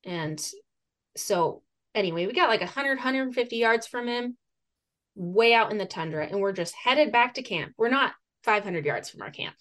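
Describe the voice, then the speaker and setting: A woman guest on a podcast, telling a hunting story in a lively, casual way with laughs and acted-out quotes. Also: a little high, moderate pace. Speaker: podcast guest, fitness coach and moose hunter.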